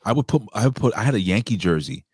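A man's voice: fairly low pitch, big pitch swings, fast, a little mellow, husky, no echo, studio quality. A man co-hosting a talk show, chatting casually and swearing bluntly. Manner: profane, blunt. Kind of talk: casual chat.

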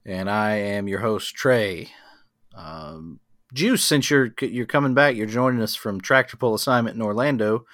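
A man's voice: on the low side, measured pace, a bit bright, dry recording, studio quality. A man hosting a comedy podcast, joking casually with his co-hosts. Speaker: podcast host.

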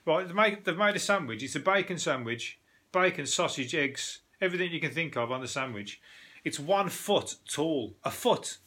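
A British man hosting a casual news podcast, ranting and joking in an animated, sweary way with laughing asides. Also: fairly high pitch. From Britain. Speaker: podcast host.

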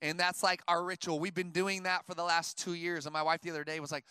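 Give me a pastor preaching to his congregation in a smooth, bright voice with a dry sound. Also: on the high side, quick pace, hardly any pauses, no room sound. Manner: preaches with rising intensity, then tells stories in a relaxed aside; conversational, with many fillers like "like" and "you know". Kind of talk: sermon. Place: church service before a congregation.

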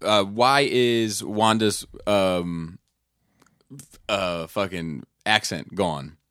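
A man's voice: lowish voice, very slow, a bit bright, smooth, dry recording, clean studio sound. A man in casual podcast chat, rambling with many fillers and restarts.

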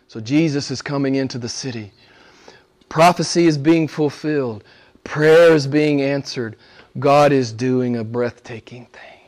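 A middle-aged man, a pastor preaching a sermon, swinging from loud emphatic lines to soft low asides. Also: measured pace.

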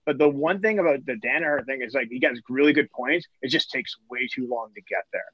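A male co-host lays out a long question in a relaxed way, checking in with 'right?' along the way. His voice is dull and muffled, with a dry, close sound. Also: mid-range voice, a little fast, breathy edge, no room sound. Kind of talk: casual interview talk.

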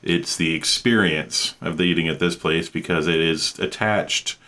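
Very deep-voiced easygoing man. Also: moderate pace, pushed and bright. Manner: easygoing, with short agreeing replies. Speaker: podcast co-host. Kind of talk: casual chat.

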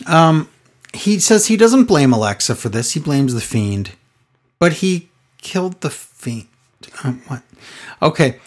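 A man with a somewhat high voice talks in a loose, casual chat. He is sarcastic and exasperated, mocking what he describes and often asking disbelieving questions. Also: very animated, unhurried, long pauses, darkish tone. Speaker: podcast co-host recapping wrestling.

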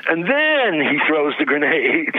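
A man's voice: on the high side, slow, dry recording. Author guest, male, phone-line sound, acts out quotes while storytelling. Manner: animated storyteller acting out quotes. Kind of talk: casual interview chat.

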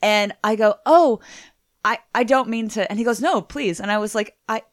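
A woman co-hosting a casual podcast chat, telling stories with lively energy and frequent swearing. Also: mid-range voice, quick pace, no room sound, clean studio sound. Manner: animated storyteller, swears freely. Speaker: podcast co-host.

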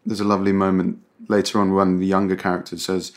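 A man with a lowish voice who hosts a book discussion. He praises the writing with eager, admiring enthusiasm. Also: monotone, fast, hardly any pauses.

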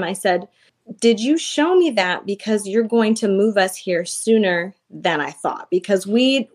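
A woman in her thirties, a podcast guest, telling a personal faith story in casual, earnest talk full of fillers. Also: medium pitch. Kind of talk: casual testimony.

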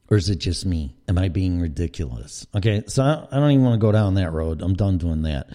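A man's voice: deep voice, dark tone. A man hosting a podcast, ranting casually in a profane, rambling way. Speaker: podcast host.

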